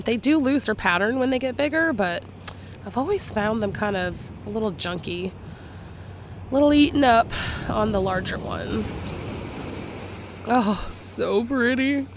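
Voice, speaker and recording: A woman with a slightly hoarse sick voice, chatting casually and laughing often as she narrates a beach walk, admiring each find. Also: mid-range voice, slight background noise. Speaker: beach vlogger. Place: outdoors on a beach.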